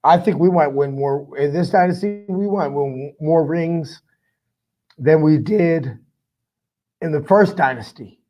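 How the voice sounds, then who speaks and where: A man's voice: a little high, warm tone. A man hosting a fan sports podcast, fired up, profane and rambling with lots of "I mean". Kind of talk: casual fan commentary.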